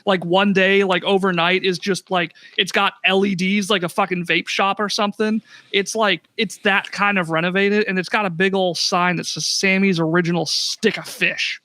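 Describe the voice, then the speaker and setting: A man narrates a tabletop game in a loose, rambling way, filling the gaps with likes and ums and swearing freely. His voice is high-pitched and bright. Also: steady tone, moderate pace, few pauses. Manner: rambling, profane, full of fillers. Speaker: game master.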